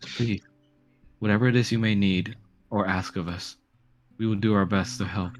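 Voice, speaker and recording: A man's voice: on the low side, fairly even intonation, moderate pace, soft background music, natural voice. A man playing a solemn old village elder. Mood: grateful. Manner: formal, solemn speech. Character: sage old village elder, grave and humble.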